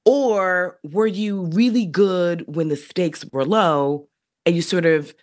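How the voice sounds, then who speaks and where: A woman co-hosting a political podcast, talking in an emphatic, animated way and slipping into quoted voices. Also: fairly low pitch, slow pace. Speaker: co-host, political scientist. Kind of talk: casual political chat.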